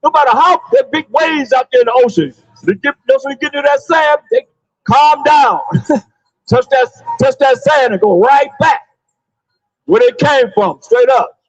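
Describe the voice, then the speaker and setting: A man preaching loudly outdoors on a city sidewalk, calling out verses for a reader to read. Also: very high voice, normal speed, dry recording, highs cut off. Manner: loud, preachy, calls on a reader and repeats the verses. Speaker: street preacher. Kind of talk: open-air street preaching.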